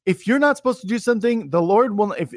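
Energetic young man hosting faith chat. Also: high voice, fast talker, no echo, clean studio sound. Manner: energetic, encouraging, rambling with many fillers. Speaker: podcast host. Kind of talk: animated faith interview chat.

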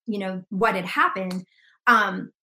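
A woman guest sharing a faith testimony in casual conversation, an animated storyteller who laughs often. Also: medium pitch, slow pace, echoey room.

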